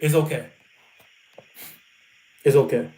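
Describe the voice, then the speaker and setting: A man's voice: mid-range voice, steady tone, slow pace, dark tone, echoey room. A man, a boxer hosting a livestream, talking bluntly and boastfully with lots of swearing. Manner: boastful, blunt, profane trash talk. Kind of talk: casual livestream talk.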